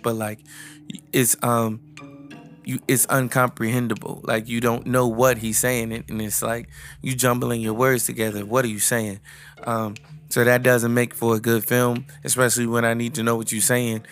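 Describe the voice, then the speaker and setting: A man giving a casual, rambling movie review, full of fillers and restarts, with light music behind him. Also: medium pitch. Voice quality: flat, rambling with many restarts. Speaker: film reviewer.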